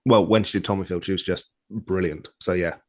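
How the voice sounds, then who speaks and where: A man's voice: deep voice, steady tone, fairly quick, darkish tone. A man in his thirties co-hosting a podcast in easygoing, enthusiastic casual chat. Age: 30s. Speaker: podcast co-host.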